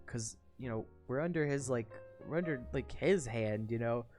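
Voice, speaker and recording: A woman voicing a soft-spoken, placating teenage girl who hedges and soothes. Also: extremely low pitch, moderate pace, soft background music. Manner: hedging, soothing.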